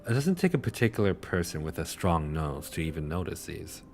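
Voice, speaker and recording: A man narrating as game master for a tabletop game, in a relaxed manner full of fillers. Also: low-pitched, a little fast, music in the background.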